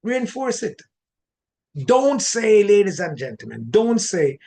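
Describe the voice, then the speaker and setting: A man with a Jamaican accent giving an animated teaching talk on marriage, often repeating words and restarting his sentences. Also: high voice, slow pace. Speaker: relationship teacher.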